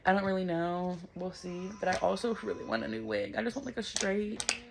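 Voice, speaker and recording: A woman's voice: fairly low pitch, very animated, fairly quick, background noise. Chatty, blunt young woman vlogger. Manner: chatty, blunt, swears freely, lots of "like". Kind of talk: casual vlog chat to camera.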